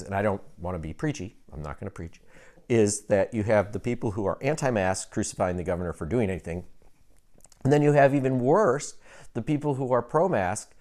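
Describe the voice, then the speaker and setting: Frustrated, chatty man doctor. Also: fairly low pitch. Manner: frustrated, animated, chuckles often. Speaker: physician giving video updates. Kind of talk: casual direct-to-camera update.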